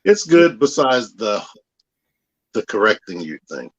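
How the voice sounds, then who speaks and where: A man speaking as a guest in a casual chat, relaxed and nonchalant, with dry sarcasm. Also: on the low side, unhurried, no echo. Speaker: guest creator. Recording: dull lo-fi audio.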